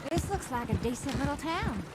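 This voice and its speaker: An outlaw woman who teases her companions wryly and fondly in this western video game. Her voice sits high. Loud horse hooves clatter underneath. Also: sing-song, a little fast. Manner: wry, affectionate teasing. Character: warm, teasing outlaw woman. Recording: game audio under loud hoofbeat noise.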